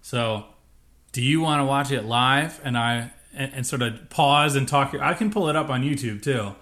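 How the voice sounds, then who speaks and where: Relaxed rambling podcast co-host man. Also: mid-range voice, normal speed. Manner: relaxed, rambling, hesitant with fillers. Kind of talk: casual chat.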